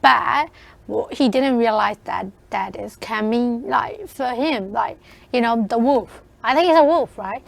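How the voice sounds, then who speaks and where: Woman cohost on radio kinda high voice, bit of fry, keeps going you know like. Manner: hesitant, halting, lots of "you know" and "like". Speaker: radio co-host. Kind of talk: casual film review chat.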